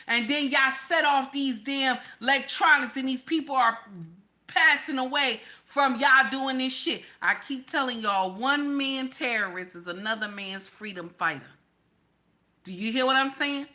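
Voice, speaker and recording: A woman's voice: high-pitched, a little slow, pushed and bright. A woman host ranting in casual commentary, blunt and profane, repeating her lines for emphasis.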